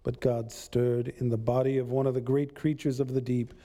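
Man, first-person storyteller, very dark mellow tone, measured and deliberate, pausing. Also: medium pitch, level tone.

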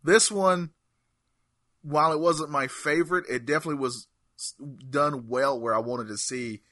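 A man's voice: a little high, normal speed, sharp tone, no echo. A man co-hosting a podcast, talking casually about games with joking, sarcastic asides. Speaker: podcast co-host. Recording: dry close mic.

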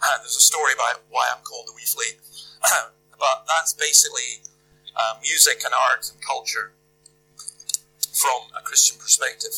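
A man's voice: medium pitch, fairly even intonation, moderate pace, pauses often, pushed and bright, faint music behind, rough recording. A man preaching a sermon in a conversational, emphatic way, firing off rhetorical questions. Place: church.

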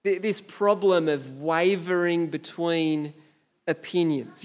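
A man's voice: fairly high pitch, unhurried. A man with an Australian accent preaching a sermon in a conversational way, asking the listeners rhetorical questions and sometimes stumbling over words. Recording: long reverb in a large hall.

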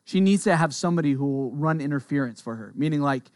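An earnest male pastor in his thirties or forties delivers a sermon, talking conversationally and slipping into personal asides. His voice sits a little higher than most men's. The sound is close and dry, with no room echo. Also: lively intonation, fast, few pauses, darkish tone.

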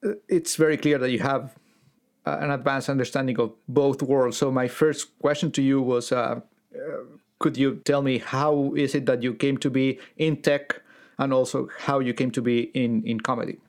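A man hosting a podcast interview, speaking in a measured, halting way as he searches for words. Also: mid-range voice, fairly even intonation, a little mellow. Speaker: podcast host.

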